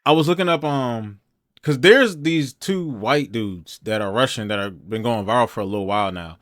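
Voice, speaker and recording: A man talks back at a video in a blunt, slangy, sarcastic way. His voice sits at an ordinary pitch, close and dry with no room sound. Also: moderate pace, a bit bright, no room sound. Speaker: reaction commentator. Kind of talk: casual reaction commentary.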